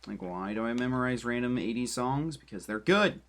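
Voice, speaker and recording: A man's voice: medium pitch, lively intonation, fairly quick. A man streaming a building game, talking casually to his viewers in a rambling, self-deprecating way. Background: keyboard typing and clicks.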